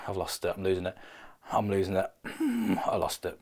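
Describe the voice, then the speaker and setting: A man's voice: deep voice, huge pitch swings, a little fast, pauses often, darkish tone. Rambling man riffing on camera. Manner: rambling, self-mocking riffing with restarts. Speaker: vlogger. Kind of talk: comedic solo vlog.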